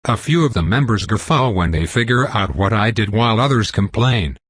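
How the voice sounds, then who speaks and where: A man reading a first-person novel aloud in a measured, even way. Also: fairly low pitch, slightly rough. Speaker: audiobook reader.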